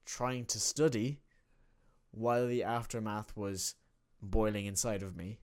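A young man in casual chat, telling an animated story and laughing often. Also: fairly low pitch, measured pace.

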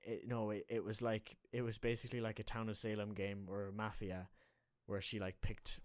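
A young Irish man talks casually in a low voice, often stopping to restart or correct what he's saying. The sound is dry and close, with no room around it. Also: level tone, moderate pace, no echo. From Ireland. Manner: rambling, self-correcting storyteller. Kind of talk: casual chat.

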